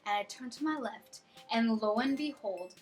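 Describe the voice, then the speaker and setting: A young woman in her twenties telling a storytime vlog with excitable, dramatic, gushing fangirl energy. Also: a little high, moderate pace, faint music behind. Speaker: vlogger.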